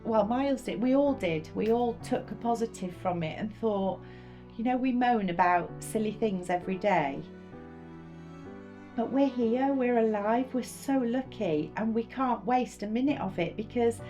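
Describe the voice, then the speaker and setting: A woman's voice: fairly high pitch, normal speed, mellow, faint music behind. Earnest mother reflecting in an interview. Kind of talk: documentary interview.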